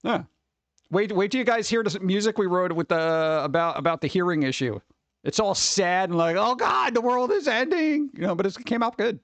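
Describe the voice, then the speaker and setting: This middle-aged streamer has a high voice and speaks fairly quickly, recorded dry. Over-caffeinated, he chats with viewers in a loose, rambling way, cursing and impersonating the people he talks about.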